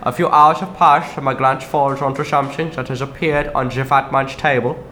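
A man's voice: medium pitch, steady tone, sharp tone, natural voice. A man playing a self-pitying, short-tempered Christmas demon in a comedy sketch. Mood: aggrieved. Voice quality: gruff, self-pitying and quick to anger. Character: grumbling male Christmas demon with horns and fangs.

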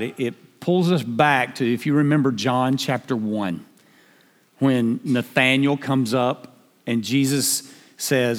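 A man preaching a sermon, emphatic and building to shouts. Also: medium pitch, measured pace. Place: church hall. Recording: long hall reverb.

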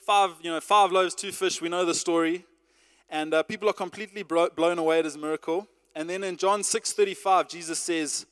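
A man with a high voice preaches a sermon in a relaxed, chatty way, stumbling over a word now and then and turning aside to speak to the room. His voice rings out through a hall with a long echo. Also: normal speed. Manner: conversational, with false starts and asides.

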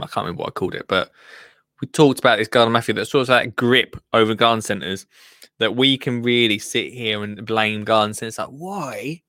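Bright-voiced man hosting a podcast. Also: mid-range voice, no room sound, clean studio sound. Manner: rambling, self-interrupting, jokey. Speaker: podcast host. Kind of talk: casual podcast chat reading news.

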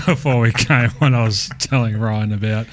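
An Australian man co-hosting a podcast in casual chat, rambling in quick banter and often restarting his sentences. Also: medium pitch, background noise. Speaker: podcast co-host.

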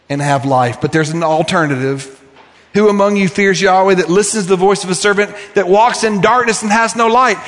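A man's voice: high voice, fairly bright tone, in a large hall. A man preaching a sermon as pastor, earnest and pleading, asking his listeners question after question.

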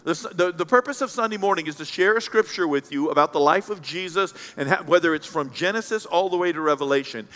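A pastor from Central Kentucky delivers a Sunday sermon in a church sanctuary, blunt and animated, slipping into the voices of the people he describes. His voice sits high for a man, and he talks fast with few pauses while a long hall reverb rings out.

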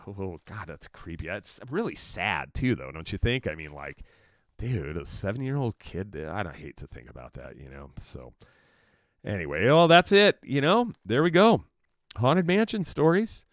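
On his own podcast, a host with a voice on the low side tells a loose, meandering story full of fillers and profanity. The recording is dry and studio quality.

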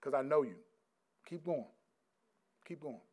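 A middle-aged male pastor preaching a sermon, reading scripture loudly and slowly, then dropping into quiet, casual stories about his sons. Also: a little high, lively intonation. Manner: swings from loud emphatic scripture reading to quiet storytelling.

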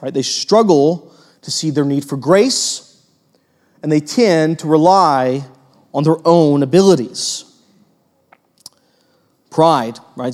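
A man preaching a sermon as pastor, animated, acting out quoted voices and putting questions to the congregation. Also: on the high side. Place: church hall with long reverb. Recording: long hall reverb.

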